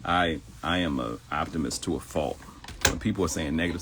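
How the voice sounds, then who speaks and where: Deep gravelly animated man, talk show host. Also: a little fast. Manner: animated preacher-like, switching into mock voices for quotes. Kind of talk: live self-help talk show monologue.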